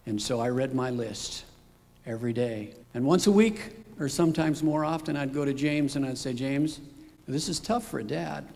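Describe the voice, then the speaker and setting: A middle-aged father recounts his personal story in a gravelly, worn voice. He speaks in a reflective, unhurried way. A long, hall-like reverb trails behind his words. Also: medium pitch, a little mellow. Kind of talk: personal testimony.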